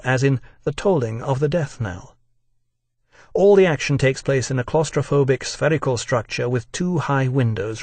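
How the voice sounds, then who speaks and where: A man narrating a scripted documentary in a measured, deliberate way, recorded as a studio voice-over. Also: mid-range voice, dry recording.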